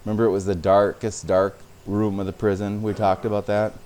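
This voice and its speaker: A man's voice: lowish voice, flat delivery, a little fast, warm tone, a little hiss or hum. A man preaching a sermon as a pastor, speaking conversationally and sometimes repeating words.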